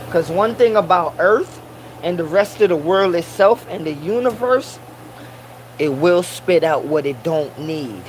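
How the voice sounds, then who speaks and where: Man, high pitch, slow unhurried delivery, preachy Rasta-slang monologue that repeats its points, faint hum behind. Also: expressive, low-quality recording. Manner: Rasta slang and Caribbean English grammar. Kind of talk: casual monologue.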